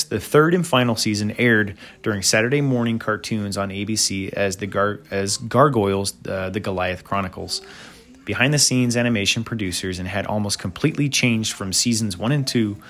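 A man's voice: lowish voice, a bit bright. Rambling man in a casual monologue. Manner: rambling with asides and fillers. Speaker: host.

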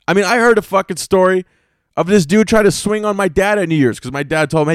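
A man's voice: on the high side, animated, normal speed, dry recording. Guy from north carolina rambling on his podcast, swears a ton, keeps correcting himself, dry close sound. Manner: rambling, profane, frequent self-corrections. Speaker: podcast host. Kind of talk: casual storytelling monologue.

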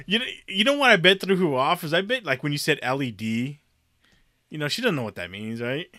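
A man's voice: on the high side, lively intonation, normal speed, pushed and bright, no room sound, studio quality. A man in casual conversation, swearing freely and laughing as he reacts to a friend's story. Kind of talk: casual chat.

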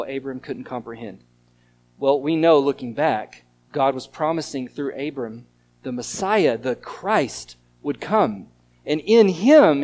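A man preaching to his congregation in a slightly higher-than-average voice. He teaches in an earnest, explanatory way and leans hard on the words he wants to land. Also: a little mellow. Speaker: pastor. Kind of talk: sermon.

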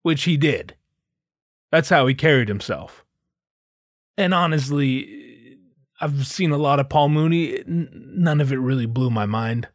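A man's voice: mid-range voice, animated, a little slow, pauses often, no echo, studio quality. A man hosting a podcast, riffing sarcastically and profanely in a casual comedic monologue. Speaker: podcast host.

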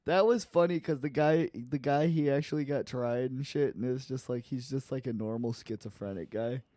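A man's voice: mid-range voice, normal speed, dark tone, dry recording, studio quality. A man co-hosting a podcast, joking crudely and swearing a lot. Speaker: podcast co-host. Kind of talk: casual podcast chat.

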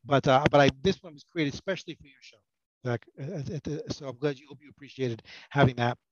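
A man's voice: medium pitch, fast talker, no echo, muffled recording. A middle-aged man chatting as a podcast guest, rambling and self-mocking, with many restarts. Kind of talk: casual podcast banter.

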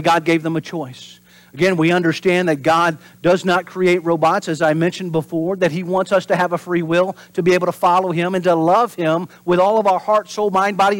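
A pastor delivering a sermon in an animated preaching manner. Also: male voice, high voice, brisk, dry recording. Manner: animated preaching, acts out voices and drops to whispers for emphasis.

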